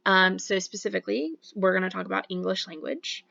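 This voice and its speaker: Gravelly-voiced woman teaching an online class. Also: medium pitch, steady tone, a little fast, pushed and bright, muffled recording. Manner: frequent "um" fillers, explanatory teaching tone. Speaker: university voice and diction instructor. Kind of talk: recorded online lecture.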